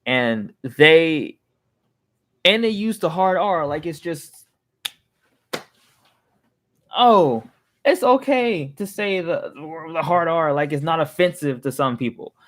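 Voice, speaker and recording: A man's voice: fairly high pitch, very animated, slow, pauses often, fairly bright tone. A young man venting in a casual, rambling monologue, heated and swearing freely, often restarting his sentences. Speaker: vlogger.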